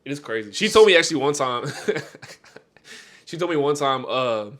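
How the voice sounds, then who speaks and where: A young American man co-hosting a podcast, telling stories in an animated, casual way with lots of fillers. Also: fairly high pitch, normal speed. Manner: animated storyteller, many fillers. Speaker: podcast co-host. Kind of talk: casual chat.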